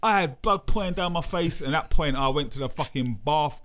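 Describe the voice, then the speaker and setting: A young man, casually telling a sweary, animated story on a podcast. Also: on the high side, a little fast.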